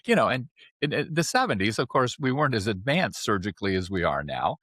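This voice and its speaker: A man's voice: medium pitch, fairly quick, no echo. Chatty guy in his 70s telling stories on a podcast, keeps saying right?, dry close mic. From California. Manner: chatty, animated storyteller, often adds "right?". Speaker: guest. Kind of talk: casual storytelling interview.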